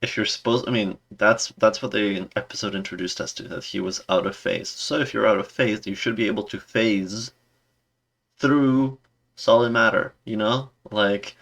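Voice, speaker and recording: A man's voice: fairly low pitch, moderate pace, vocal fry, fairly bright tone. A man giving a casual, rambling review in a sarcastic, exasperated tone. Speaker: video reviewer.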